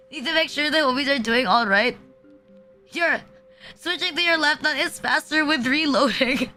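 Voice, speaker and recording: A woman's voice: high-pitched, sharp tone. A young woman streaming, joking crudely and rambling with lots of fillers. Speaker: VTuber streamer. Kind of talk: casual livestream chat.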